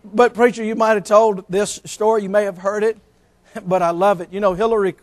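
A man's voice: sits high, steady tone, brisk. A middle-aged man preaching a sermon as pastor, telling folksy jokes and stories. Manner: folksy, joking, storytelling.

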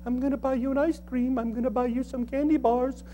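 Man putting on a flustered young mother, pleading and whiny, high voice, soft, a bit off-mic. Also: steady tone, a little fast, lo-fi sound, faint music behind. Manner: begging, bargaining, whiny.

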